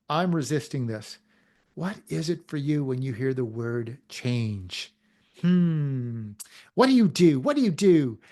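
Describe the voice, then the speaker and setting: A man with a fairly high speaking voice delivers a motivational talk to an online audience. He is animated and theatrical, firing rhetorical questions and acting out short quotes in between. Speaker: motivational speaker and show host.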